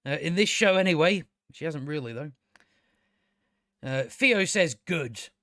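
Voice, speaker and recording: Sarcastic high-voiced man ranting. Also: expressive, a little slow, a bit bright, dry recording, studio quality. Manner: sarcastic, exasperated, profane. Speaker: TV show reviewer. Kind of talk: casual ranting review.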